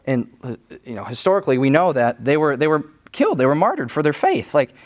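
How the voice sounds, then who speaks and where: A male pastor delivers a sermon in an easy, conversational manner. His voice sits on the higher side for a man, and he often restarts his phrases as he works through his thoughts. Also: very animated, quick pace, darkish tone.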